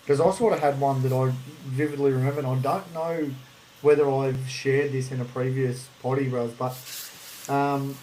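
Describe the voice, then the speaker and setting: A man's voice: medium pitch, fairly even intonation, normal speed, darkish tone, a little hiss or hum, rough recording. Australian man, podcast host, casual livestream storytelling, rambly, swears a lot, lots of ums.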